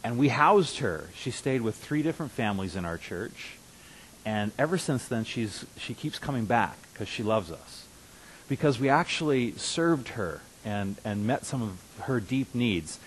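A man's voice: mid-range voice, animated, measured pace, rough recording. Male pastor preaching over faint hiss. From Russia. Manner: conversational preaching, repeats words, rises to emphatic bursts. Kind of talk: sermon.

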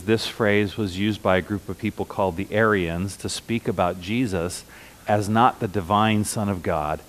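A middle-aged man preaching a sermon in a conversational teaching manner, slowing down to repeat key phrases with emphasis. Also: deep voice, slight background noise. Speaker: pastor.

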